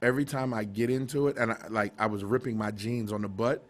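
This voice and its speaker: A middle-aged man, a TV station director, telling stories in a casual interview, animated and laughing, with many restarts. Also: fairly low pitch, fast, a little hiss or hum.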